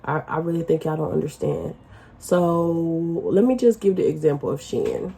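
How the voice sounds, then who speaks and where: Woman, casual vlog rant, mellow dark tone, husky, blunt and cussing. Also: low-pitched, sing-song, moderate pace. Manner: blunt and profane, with loud emphatic outbursts. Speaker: vlogger.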